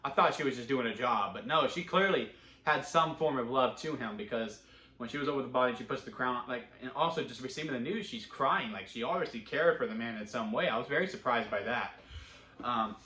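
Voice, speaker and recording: A man at home casually recapping a TV episode, rambling with quick restarts and bursts of laughter. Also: medium pitch, sharp tone, echoey room. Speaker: TV episode reviewer. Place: at home with a dog.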